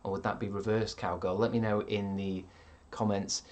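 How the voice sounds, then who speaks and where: A man's voice: on the low side, level tone, moderate pace, darkish tone. A man streaming live, reading out chat with rambling dry jokes and lots of ums.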